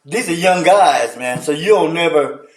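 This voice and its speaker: Guy hosting a sports chat, slangy and animated, sounds far off in an echoey room. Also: on the high side, moderate pace. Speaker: host. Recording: echoey room, distant mic.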